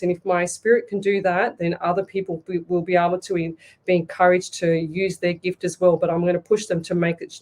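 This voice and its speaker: An Australian woman hosts a live online psychic show and reads viewers' comments aloud. Her voice is fairly low and mellow. She speaks bluntly and with passion, stumbling and restarting mid-sentence. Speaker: psychic medium radio host. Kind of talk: live-streamed call-in reading show.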